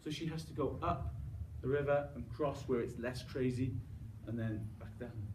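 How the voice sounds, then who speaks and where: Animated man telling a story to a crowd. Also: medium pitch, moderate pace, background noise. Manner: animated, coaxing audience to join in, with sound effects. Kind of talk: interactive live storytelling. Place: room with live audience. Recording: roomy, distant mic.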